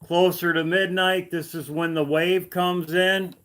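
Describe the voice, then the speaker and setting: A man hosting a casual online livestream, greeting viewers by name and talking slowly with many fillers and repeated phrases. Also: high-pitched, level tone, fairly bright tone. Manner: slow, halting, repeats himself with fillers. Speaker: online video host.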